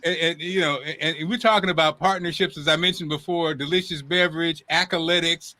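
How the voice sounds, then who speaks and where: A man hosting a talk show, telling stories in a lively, emphatic way and often repeating himself. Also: fairly high pitch, fairly quick. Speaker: show host. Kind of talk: casual talk-show chat.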